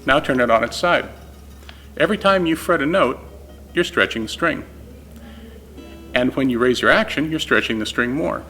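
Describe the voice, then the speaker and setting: A man's voice: mid-range voice, expressive, normal speed, long pauses, pushed and bright. A man teaching guitar setup in a casual, step-by-step way while demonstrating on an instrument. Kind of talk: informal technical explanation.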